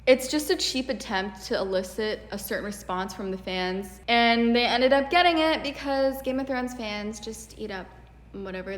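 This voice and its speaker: A woman giving a ranting video commentary, exasperated and sarcastic. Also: mid-range voice. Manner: exasperated, sarcastic, many "like" fillers. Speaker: video essayist. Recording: echoey room with long reverb.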